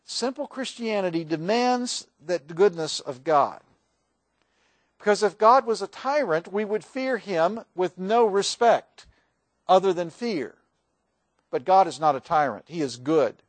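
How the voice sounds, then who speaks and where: A man's voice: high voice, expressive, unhurried, dry recording. A man preaching a sermon as a pastor, earnest, dramatizing quoted prayers with rising intensity.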